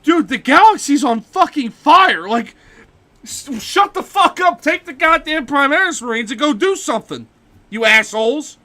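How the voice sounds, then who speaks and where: A furious, exasperated space marine officer, put on by a man bellows profanity in a high, sharp voice. His pitch leaps wildly from line to line. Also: animated, moderate pace, exaggerated voice. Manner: yelling profanely.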